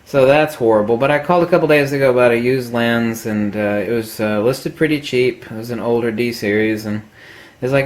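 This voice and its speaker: A man's voice: mid-range voice, fairly even intonation, a little fast. Rambling, exasperated man telling a story. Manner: rambling, frequent fillers. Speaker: photography vlogger. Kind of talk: casual storytelling rant.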